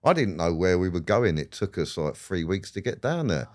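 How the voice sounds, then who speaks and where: Deep-voiced man telling stories. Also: very animated, normal speed. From England. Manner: rambling, swears freely, laughs while telling stories. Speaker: guest. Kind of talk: casual storytelling interview.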